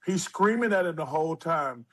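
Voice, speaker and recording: A former basketball player in his sixties appears as an interview guest, telling stories at a normal speed in a voice a bit higher than most men's. He's animated and acts out other people's lines, and the recording is rough.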